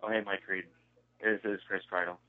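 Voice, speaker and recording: A man's voice: low-pitched, flat delivery, a little fast. A man on a phone call, talking hesitantly and dryly, with an easygoing manner. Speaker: caller. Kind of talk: casual phone conversation.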